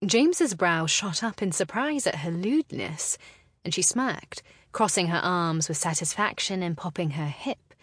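A woman narrating a historical romance audiobook in a measured, expressive way. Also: on the low side, breathy edge, no room sound, clean studio sound.

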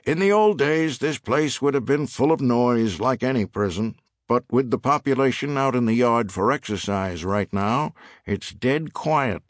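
A man's voice: mid-range voice, a little slow, no room sound, clean studio sound, pitched above the performer's own voice, natural voice. A man voicing a matter-of-fact male prison assistant warden who gives short, laconic replies.

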